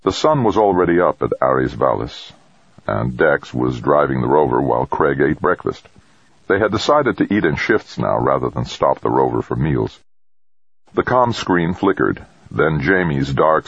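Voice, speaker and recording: Very deep, gravelly male narrator. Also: dry recording. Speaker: audiobook narrator. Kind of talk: audiobook narration. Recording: dull dry lo-fi recording.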